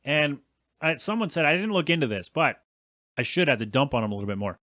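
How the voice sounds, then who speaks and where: A man's voice: a little high, very animated, fast talker, pushed and bright, dry recording, studio quality. A man in his thirties hosting a solo podcast, rambling in a chatty, self-deprecating way and answering his own asides. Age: 30s. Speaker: podcast host.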